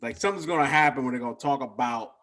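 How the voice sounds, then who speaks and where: A laid-back man co-hosting a casual podcast, with a voice of ordinary male pitch. He talks loosely, trails off and hunts for his words as he goes. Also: very fast. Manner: relaxed, loses his train of thought, trails off softly. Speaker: podcast co-host. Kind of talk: casual chat.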